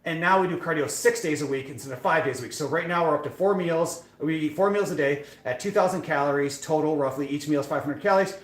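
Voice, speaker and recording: A man's voice: a little high, quick pace, hardly any pauses. A young man live-streaming, telling a rambling, self-deprecating story full of fillers. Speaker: fitness streamer. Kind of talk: casual live-stream chat. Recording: echoey room.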